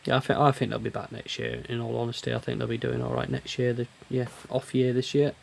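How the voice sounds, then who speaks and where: A man's voice: mid-range voice, flat delivery, quick pace, creaky, a little mellow, a little hiss or hum. A man with a British accent co-hosting a hockey podcast, bantering sarcastically and reading out team stats. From Britain. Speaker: podcast co-host. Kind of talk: casual hockey chat.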